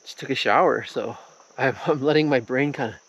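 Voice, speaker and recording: A man chatting in a relaxed, playful way as a travel vlogger, recorded outdoors on an action camera. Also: mid-range voice, fairly quick, creaky, husky. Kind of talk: casual chat. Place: outdoors in a rural mountain garden.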